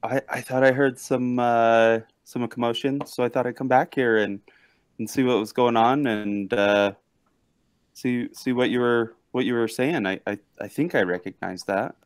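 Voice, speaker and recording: A man's voice: medium pitch, fairly even intonation, normal speed, clear, resonant tone, no room sound. A man playing a tabletop game, speaking hesitantly and stammering as he describes his actions. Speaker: player.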